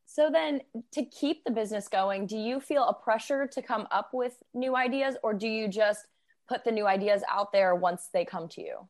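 A woman's voice: medium pitch, moderate pace. A woman co-hosting a casual interview, asking follow-up questions in an encouraging way. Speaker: podcast co-host.

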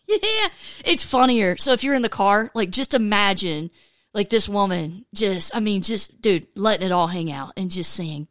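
A woman hosting a casual faith podcast, animated, laughing often and filling her talk with "man" and "dude.". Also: mid-range voice, normal speed, dry recording, studio quality. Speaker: podcast host.

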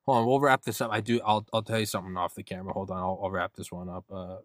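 A man's voice: low-pitched, little pitch movement, very fast, dry recording. A man hosting a podcast in casual comedic chat, rambling and joking as he acts out imagined dialogue. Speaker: podcast host. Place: small apartment home studio.

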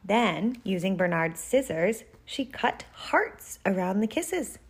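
A woman reading a picture book aloud to children in a deliberate, expressive way. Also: medium pitch, slightly rough. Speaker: reader.

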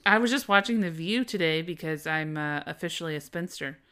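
A woman's voice: low-pitched, animated, a little fast, sharp tone, smooth. A woman co-hosting a podcast, chatting casually and joking around. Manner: jokey, does silly impressions. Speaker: podcast co-host. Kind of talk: casual banter.

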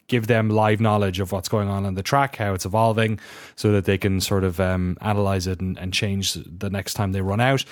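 An Irish man with a low voice hosts a casual podcast. He rambles a little and restarts his sentences. The recording is dry and close, with no room sound. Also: no echo. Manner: rambling, self-correcting. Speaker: podcast host.

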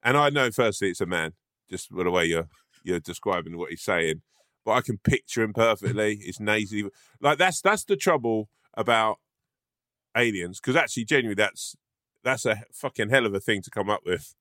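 A man's voice: on the low side, expressive, brisk, bright, forceful tone, dry recording, studio quality. A man co-hosting a podcast, laughing often and swearing freely in casual comedic chat. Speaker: podcast co-host.

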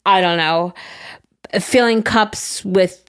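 A woman's voice: medium pitch, takes it slowly, a bit bright, clear, resonant tone. A young woman co-hosting a podcast, chatting casually and getting emotional as she tells a story. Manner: emotional, storytelling, gushing about her students. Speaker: podcast co-host. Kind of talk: casual chat.

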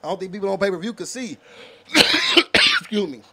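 Battle rapper guest, fairly high male voice, animated slangy storyteller, swears a lot. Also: a little fast. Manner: keeps asking "you know what I'm saying"; profane, slangy street talk. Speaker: podcast guest telling a story.

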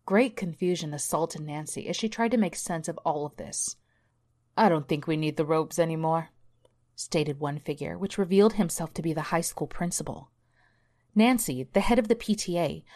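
A woman narrating a scripted horror story for a storytelling podcast in a steady manner. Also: fairly low pitch, moderate pace.

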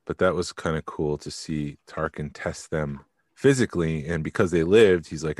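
A man's voice: a bass voice, animated, moderate pace, dry recording, studio quality. A man co-hosting a podcast, chatting casually and rambling, often trailing off mid-thought. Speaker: podcast co-host.

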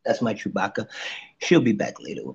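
A man hosting a casual live chat room and giving tarot readings, playful and teasing, with sudden soft asides. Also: on the low side, very animated, fairly quick, gravelly, breathy edge, highs cut off.

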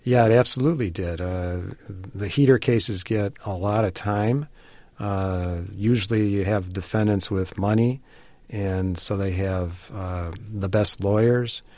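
A man being interviewed on radio as an author, speaking in a measured way with frequent fillers. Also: fairly low pitch, darkish tone, no echo. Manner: measured, hesitant with many fillers. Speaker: author and guest.

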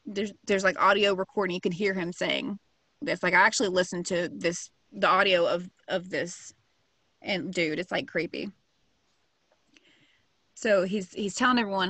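A woman's voice: on the low side, steady tone, normal speed, fairly bright tone, no room sound. A woman casually telling a true crime story to a co-host, full of fillers and slang. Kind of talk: casual chat.

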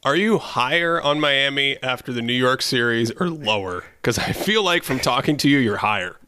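A man's voice: medium pitch, lively intonation, normal speed, pushed and bright, smooth, dry recording, studio quality. A man hosting a casual basketball podcast, who reads out stats and laughs between his points. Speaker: podcast host.

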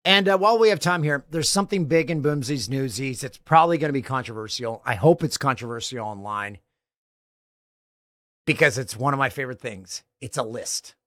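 A man in his forties hosting a podcast in casual chat, animated and jokey, laughing often. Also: medium pitch, fairly quick, no echo, studio quality. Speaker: podcast host.

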